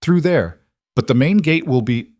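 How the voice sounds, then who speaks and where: A man voicing a nervous but helpful young man leading an escape, talking in a hurried, breathless way. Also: a little high, expressive, a little mellow, no room sound, pitched above the performer's own voice, natural voice. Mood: urgent.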